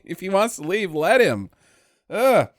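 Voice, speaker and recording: A man on a podcast, talking through a movie with biting sarcasm and plenty of swearing. His slightly high voice leaps up and down as he mocks the characters. The sound is dry and close. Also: very animated, unhurried, no room sound. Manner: sarcastic, swears a lot, acts out the characters' lines in big exaggerated voices. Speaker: podcast co-host. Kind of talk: casual movie-recap chat.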